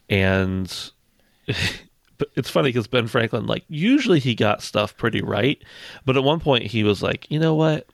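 A man's voice: lowish voice, vocal fry, dry recording. A man co-hosting a casual history podcast, joking and acting out historical figures in silly voices. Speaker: podcast co-host.

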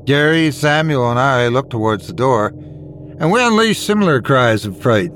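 Male horror storyteller, mid pitch, very expressive delivery, soft music bed. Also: normal speed, slight background noise. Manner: dramatic, expressive.

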